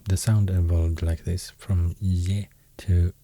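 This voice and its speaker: Man, Swedish accent, soft-spoken ASMR, half-whispered, very dark mellow tone, slow and unhurried, hesitant fillers. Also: low voice, level tone. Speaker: ASMR host explaining runes.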